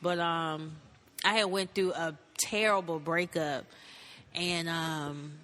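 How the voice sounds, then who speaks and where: A woman's voice: deep voice, steady tone, takes it slowly, fairly bright tone. A woman in her thirties from North Carolina, a musician guest telling her story in a laid-back way, filling it with "like" and acting out old conversations. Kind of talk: casual storytelling.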